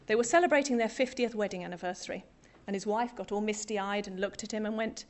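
A woman's voice: medium pitch, fast. A middle-aged woman from Britain preaching a sermon to a congregation, conversational and self-deprecating with humour.

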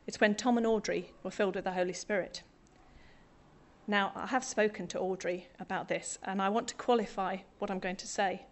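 A woman's voice: mid-range voice, fairly even intonation, a little fast. British woman preaching a sermon. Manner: conversational, self-deprecating humour with a congregation.

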